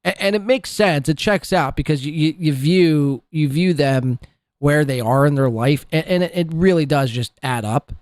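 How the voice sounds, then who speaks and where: A man's voice: on the high side, moderate pace, no room sound, studio quality. A man hosting a podcast who rants in a profane, scornful, rambling way about people he covers. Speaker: podcast host. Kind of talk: ranting commentary.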